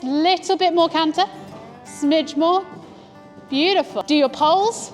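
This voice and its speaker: A woman giving calm, encouraging instructions as a riding coach. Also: high-pitched, a little slow, faint music behind. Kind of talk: coaching a rider. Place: outdoor riding arena.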